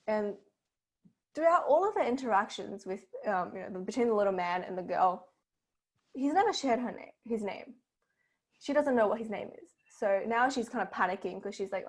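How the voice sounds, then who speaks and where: An Australian woman tutor retells a fairy tale to her class in a relaxed, conversational way. Her voice sits a little high, and she keeps checking in with "right?" while dropping plenty of "you know" along the way. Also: fairly quick. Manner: chatty, many fillers and rhetorical "right?".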